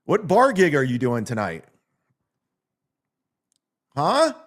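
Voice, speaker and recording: A man's voice: on the high side, wildly swooping pitch, takes it slowly. Sarcastic man ranting on a livestream. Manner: mocking, sarcastic; reads viewer donations aloud. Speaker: livestream host.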